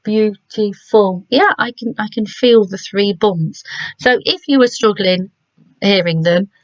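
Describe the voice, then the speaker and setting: A middle-aged English woman, a primary school teacher, giving a remote lesson to children and sounding words out slowly and gently. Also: medium pitch, animated, no room sound, lo-fi sound.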